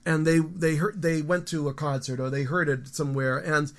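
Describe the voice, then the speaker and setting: A man in his fifties, a guest musician, talking casually in an interview in a rambling, animated storytelling way with frequent restarts. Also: on the high side, moderate pace. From United States.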